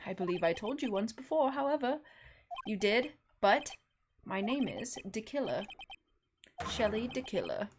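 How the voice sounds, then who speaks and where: A woman's voice: fairly high pitch, big pitch swings, unhurried, noisy background. A woman reading a polite, menacing male assassin in a put-on British accent, formal and coolly threatening. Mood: polite menace. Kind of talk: reading game dialogue aloud.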